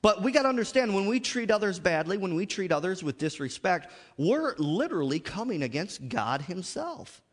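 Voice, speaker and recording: Brief: male preacher, fairly high and very lively pitch, call-and-response sermon, long church reverb. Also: normal speed, hardly any pauses. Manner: call-and-response, frequent "Amen?" and "How many of you know". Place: church sanctuary.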